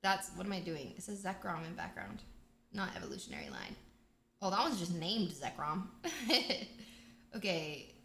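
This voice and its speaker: Bubbly bright-voiced woman streamer. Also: on the low side, normal speed. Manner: bubbly, chatty, excited outbursts. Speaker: livestream host. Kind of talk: casual game livestream chat. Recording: echoey room.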